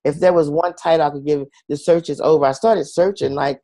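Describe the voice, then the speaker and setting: A man's voice: on the high side, steady tone, brisk, dark tone, no room sound. A middle-aged man being interviewed, telling a personal story in an earnest, confessional way and acting out the voices of the people he quotes. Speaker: guest.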